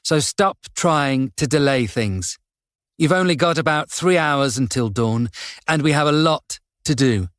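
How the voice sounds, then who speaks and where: A man voicing a calm, menacing male serial killer in an audiobook, speaking gently and without hurry. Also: medium pitch, smooth, no room sound, clean studio sound, lightly acted. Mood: calm menace. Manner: gentle, unhurried taunting. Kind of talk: audiobook character voice.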